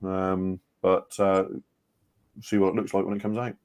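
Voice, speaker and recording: A man's voice: low-pitched, level tone, normal speed, darkish tone, smooth. A man co-hosting a casual live stream, talking hesitantly with lots of fillers in easygoing banter.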